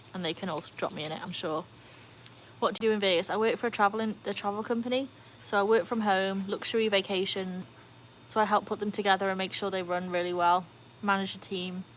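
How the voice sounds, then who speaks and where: A woman's voice: medium pitch, a bit bright, a little hiss or hum, poor audio. Chatty woman hosting a livestream. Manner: chatty, reads out viewer comments. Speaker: livestream host. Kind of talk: casual live-stream chat. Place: home, beside a backyard pool.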